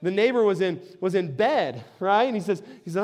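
High-voiced pastor, chatty sermon. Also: male voice, expressive, brisk, few pauses. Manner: conversational storytelling with frequent "right?" asides.

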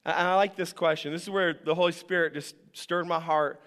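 High bright-voiced guy preaching in church, chatty, keeps quizzing the crowd. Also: a little fast, clean tone, long reverb tail. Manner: conversational, animated, asks the congregation questions. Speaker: pastor. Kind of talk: sermon. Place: church sanctuary.

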